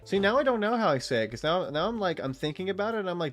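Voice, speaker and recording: A man's voice: sits high, sing-song, rapid-fire, a bit bright, soft background music. A man live-streaming a game, chatting casually with viewers in a rambling, self-interrupting way, laughing often and swearing freely. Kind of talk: casual chat with viewers while gaming.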